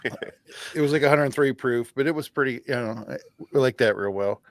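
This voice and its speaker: Male co-host, relaxed chat, halting recall, dry close mic. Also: mid-range voice, no echo. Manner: halting, restarts often while recalling details. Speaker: podcast co-host. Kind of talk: casual bourbon chat.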